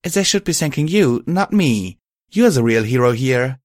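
Grateful and sincere, the young winged pony hero is voiced by a man whose mid-range delivery is expressive, fairly bright and at normal speed. He pitches it above his own voice, keeping it close to everyday speech, and the studio recording is clean without echo.

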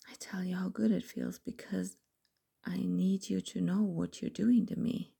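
A young adult woman telling an intimate first-person story in whispered role-play, slow and breathy. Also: on the low side, level tone, dark tone.

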